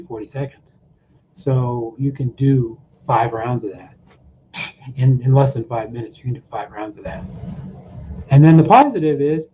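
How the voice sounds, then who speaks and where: This mindset coach speaks in a warm, mid-range voice, guiding viewers through tapping with frequent "okay?" check-ins and repetitive short phrases while he shows the steps. Faint noise runs under the dull, lo-fi audio.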